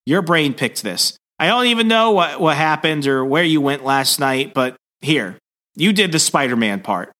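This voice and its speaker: A man's voice: fairly high pitch, animated, normal speed, sharp tone. A man voicing a psychic heroine who lectures in a stern way. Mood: scolding. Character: scolding psychic heroine, woman.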